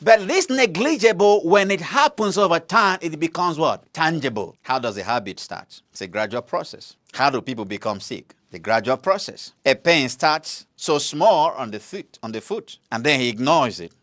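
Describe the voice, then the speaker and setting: A man with a Nigerian accent delivers a motivational sermon in a fairly high, very animated voice. He keeps firing questions at his listeners and answering them, and his delivery swings from loud emphasis to hushed asides. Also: normal speed, few pauses. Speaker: preacher.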